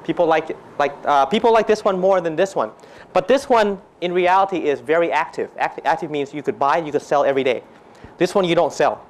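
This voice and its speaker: Teaching finance in a classroom, the lecturer talks a little fast in a slightly high voice. He quizzes students nonstop, drops in Thai phrases, and keeps things jokey.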